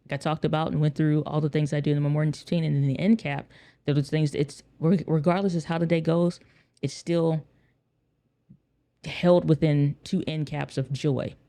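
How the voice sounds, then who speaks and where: A man's voice: a little high, steady tone, normal speed, dark tone. A man hosting a podcast, talking in an earnest, conversational way and repeating phrases for emphasis. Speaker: podcast host. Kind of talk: casual solo podcast talk.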